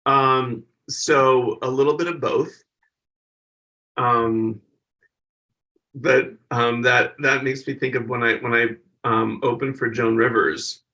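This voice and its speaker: Bright-voiced man telling a stand-up story. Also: medium pitch, slow, distant mic, rough recording. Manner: animated storyteller who acts out other people's voices. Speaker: guest stand-up comedian. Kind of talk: telling an anecdote in a podcast interview.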